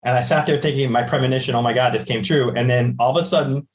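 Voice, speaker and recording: A man, a podcast guest, telling a personal story in an animated way and acting out the voices of the people in it. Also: medium pitch, quick pace. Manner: animated, acts out the voices in his stories. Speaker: podcast guest, psychic medium.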